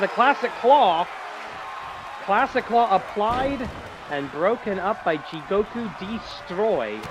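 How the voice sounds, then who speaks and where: A man doing excitable, jokey play-by-play commentary for a wrestling show. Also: high voice. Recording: loud crowd and noise behind.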